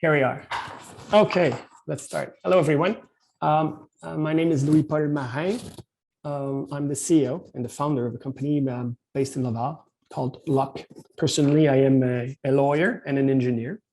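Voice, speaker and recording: A man's voice: fairly high pitch, steady tone, moderate pace, a little mellow, a little hiss or hum. A man with a Quebec French accent giving a hesitant webinar presentation over a video call, full of fillers and restarts. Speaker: company founder presenting at an industry seminar.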